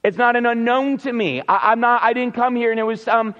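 A man's voice: extremely high pitch, a little fast, fairly bright tone, long reverb tail, highs cut off. A man preaching a Sunday sermon, earnest and emphatic, repeating key words for stress. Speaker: pastor.

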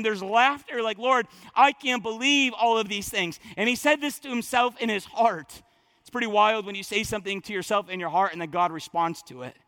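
A man preaching a sermon, reading scripture aloud and breaking into animated, conversational asides. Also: very high-pitched. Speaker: pastor.

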